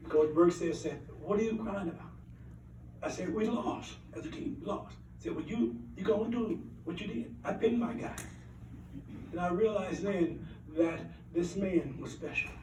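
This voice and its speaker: An older man from Alabama speaks. He gives a rambling, earnest acceptance speech in a high voice and repeats key lines for emphasis. The voice is picked up from some way off in an echoey hall with a faint hiss. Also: darkish tone. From Alabama, USA. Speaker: award recipient giving acceptance speech. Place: banquet hall at an awards event. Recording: roomy hall, mic at a distance.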